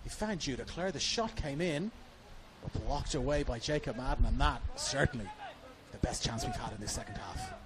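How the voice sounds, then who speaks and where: A man's voice: medium pitch, lively intonation, normal speed, background noise. A man with an Australian accent giving live football match commentary from a commentary box at the ground, rising with the action.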